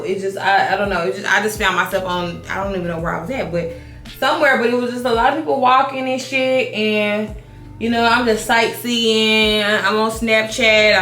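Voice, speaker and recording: A woman in her thirties telling a casual storytime while doing her makeup, animated, swearing, restarting her sentences. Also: medium pitch, roomy sound. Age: 30s. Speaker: beauty vlogger. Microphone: compact camera mic.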